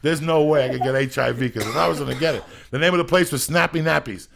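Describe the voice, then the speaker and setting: A man's voice: on the high side, fast, vocal fry, a bit bright. A man, a podcast host telling rambling, profane stories in casual chat. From New Jersey.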